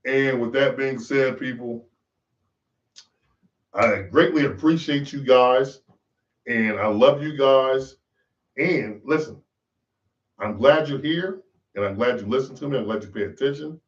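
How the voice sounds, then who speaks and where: A man's voice: medium pitch, measured pace, pauses often. A man hosting a podcast, delivering a profane, preachy ranting monologue. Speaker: podcast host. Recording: roomy, distant, dull lo-fi sound.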